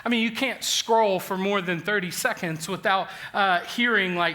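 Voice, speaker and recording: A man in his forties delivers a sermon with a high, bright and ringing voice. He is an animated storyteller who pokes fun at himself and often restarts his sentences as he works toward his point. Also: moderate pace, hardly any pauses. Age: 40s. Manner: animated, self-deprecating storyteller with frequent restarts. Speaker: pastor.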